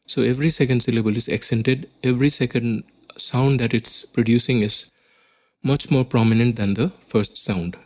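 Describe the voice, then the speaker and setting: A man's voice: mid-range voice, steady tone, normal speed, a little mellow. A man with an Indian English accent teaching a class lesson on poetry, explaining step by step and often checking in with "okay?".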